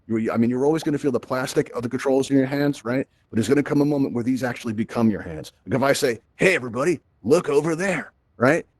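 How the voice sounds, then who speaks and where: A man's voice: mid-range voice, fast, few pauses, a little mellow, dry recording. A man hosting a live virtual reality event, teaching his audience in an upbeat, chatty way and often checking in with "right?". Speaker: host.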